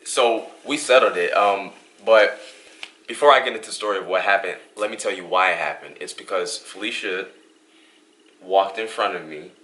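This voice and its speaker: A young man from Western New York hosts a couple's vlog, telling a story in a casual, animated way. His voice sits very low, with a bright, forward tone. He acts out the lines of the people in his story. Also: moderate pace. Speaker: vlog host.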